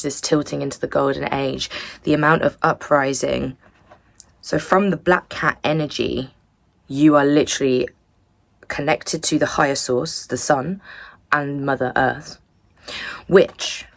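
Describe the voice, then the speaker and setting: A woman's voice: rumbling low, vocal fry, no room sound. A young woman giving a rambling, earnest tarot reading in a loose, chatty way. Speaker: tarot reader. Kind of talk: casual spiritual tarot reading.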